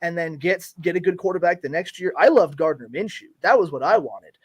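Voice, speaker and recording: A man's voice: a little high, expressive, brisk, breathy edge. A man co-hosting a casual sports podcast, laid-back and explanatory, with lots of ums. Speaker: podcast co-host.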